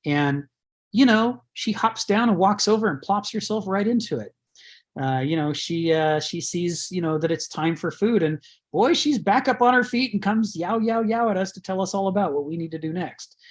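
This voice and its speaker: Rambling man giving a lecture, breathy. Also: high-pitched, lively intonation, normal speed. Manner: rambling, chuckles often, many fillers. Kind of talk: conversational lecture.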